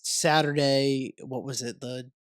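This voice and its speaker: A man's voice: medium pitch, slow, no room sound. Man, american podcast host, congested from a cold, rambling casual talk, dry close sound. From United States. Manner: rambling, relaxed, swears casually.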